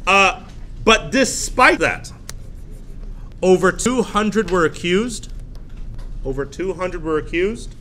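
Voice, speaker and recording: A male teacher giving a classroom lecture, animated, often jumping into high shrill voices to act out scenes. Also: slow pace, pauses often, a little hiss or hum. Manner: animated, acts out shrill voices of frightened girls.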